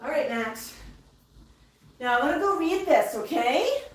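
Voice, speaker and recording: A woman hosting a casual livestream, talking softly and coaxingly to her pet parrots between reading viewer comments. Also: high-pitched, lively intonation, measured pace. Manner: soothing baby-talk to her parrots. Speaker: parrot keeper and livestream host. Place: indoor room with parrots. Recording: echoey room, heard from a distance. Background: faint noise and birds.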